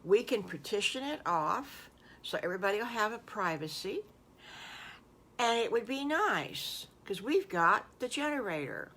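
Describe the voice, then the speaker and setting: An older woman voicing a kindly, calm older farmer in a storybook tale, gentle and homespun. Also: on the high side, measured pace, few pauses, pitched above the performer's own voice, heavily acted. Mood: earnest.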